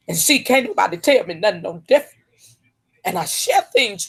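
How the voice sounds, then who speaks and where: A woman's voice: mid-range voice, animated, brisk, creaky, slightly rough. A middle-aged woman, giving an emphatic, preachy testimony on a live stream. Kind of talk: encouraging testimony.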